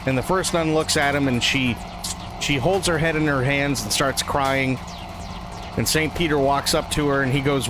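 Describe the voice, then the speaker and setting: A man's voice: mid-range voice, steady tone, moderate pace. A man live-streaming a game, chatting casually to viewers and telling wry jokes. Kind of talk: casual live gameplay chat. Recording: clear game music behind.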